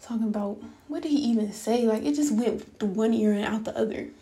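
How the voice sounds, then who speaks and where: A woman's voice: a little high, brisk, dark tone. A young woman telling viewers a story in a casual storytime rant, blunt, profane and exasperated. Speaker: vlogger.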